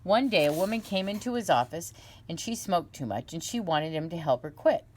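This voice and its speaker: A woman reading a children's book aloud in an unhurried, gentle way, with small slips and restarts. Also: fairly low pitch, expressive, a little hiss or hum. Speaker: reader.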